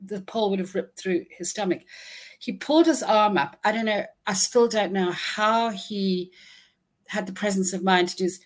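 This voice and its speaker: A woman recounting a personal ordeal in an interview, halting and restarting often, audibly shaken but holding herself together. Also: medium pitch. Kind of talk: emotional first-person storytelling.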